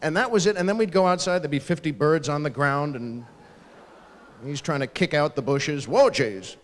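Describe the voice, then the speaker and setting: On a large ballroom stage at a live fundraiser, a male stand-up comedian tells family stories, slipping into his relatives' voices in quick, animated asides. His voice is a little high, and the big hall adds long reverb.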